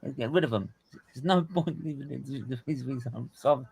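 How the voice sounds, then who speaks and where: Host with a London accent, chatty and profane, tells stories with lots of laughter. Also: male voice, medium pitch, a little fast, vocal fry. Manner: laughing, swearing, animated storytelling. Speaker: stream host. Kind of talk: casual live watchalong chat.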